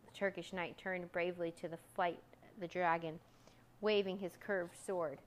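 A woman reading a children's storybook aloud in a calm, steady way. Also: fairly low pitch, measured pace, a little hiss or hum.

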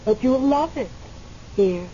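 An actress playing the spirit of a dead woman who waits in limbo, speaking in a gently teasing, unhurried way in a radio drama. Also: fairly high pitch, lively intonation. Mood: calm, teasing. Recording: muffled radio recording, faint hiss.

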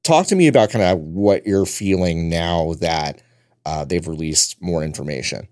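Casting: male podcast host, very low voice, dry close sound, easygoing and rambling. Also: moderate pace, darkish tone, dry recording. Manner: conversational, loose and meandering. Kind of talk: casual podcast talk.

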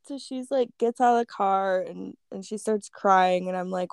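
A woman's voice: mid-range voice, expressive, moderate pace, no echo, studio quality. A woman telling a story in casual chat, laid-back, with lots of "like" and free swearing.

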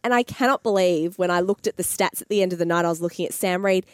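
Brisk Australian woman hosting sports radio. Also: fairly low pitch, smooth, dry recording. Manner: brisk, reads out stats and keeps the show moving. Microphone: studio microphone.

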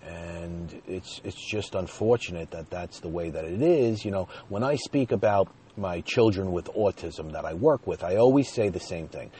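A man's voice: deep voice, moderate pace, hardly any pauses, dark tone, slight background noise. A man telling a personal story in a chatty way, talking straight to his viewers and chuckling now and then.

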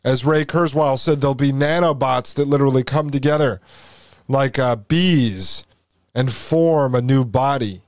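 A man's voice: medium pitch, a little slow, no room sound, studio quality. A man hosting a podcast, delivering opinionated commentary in an emphatic manner and driving points home with repeated rhetorical questions. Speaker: podcast host.

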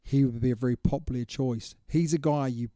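A man co-hosting a podcast in easygoing, opinionated chat. He keeps tossing in "mate". His voice is dark and mellow at a middling pitch, and the sound is close and dry with no room around it. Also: steady tone, brisk, dry recording. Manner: chatty and opinionated, drops "mate" often. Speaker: podcast co-host. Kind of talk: casual chat.

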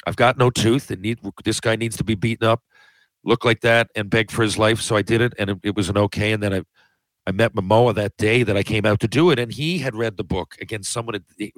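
A man's voice: medium pitch, fairly bright tone, dry recording, low-quality recording. A man telling long, rambling anecdotes in a casual chat, often restarting his sentences. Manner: rambling, self-interrupting anecdotes. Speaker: podcast guest. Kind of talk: casual storytelling.

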